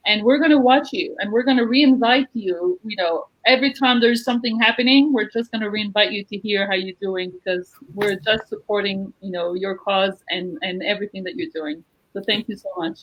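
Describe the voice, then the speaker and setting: Speaking briskly in a mid-range voice, a woman hosting an online interview show runs a live video call from home in Jerusalem. Her manner is gushing and effusive, though the audio is dull.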